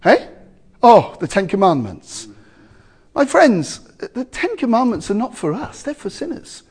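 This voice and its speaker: A man preaching a sermon to a congregation, emphatic, with loud exclamations and quiet asides. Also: sits high, wildly swooping pitch, measured pace, slightly rough.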